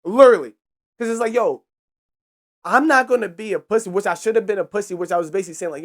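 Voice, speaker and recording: Animated young man telling a profane story. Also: sits high, fast talker. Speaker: podcast host. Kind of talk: casual storytelling rant.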